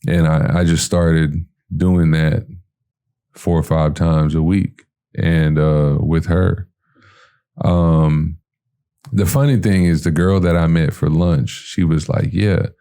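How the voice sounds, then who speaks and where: Rumbling low with a clean tone, this man takes his time telling a story about himself in a casual manner. Animated throughout, he acts out his own and others' words and relies on many fillers.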